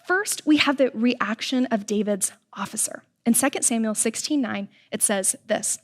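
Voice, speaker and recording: A young woman with a high voice delivers a sermon. Her preaching is relaxed and chatty, full of personal stories and slang. She keeps her delivery lively and conversational. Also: moderate pace, few pauses. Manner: casual, animated storytelling with slang.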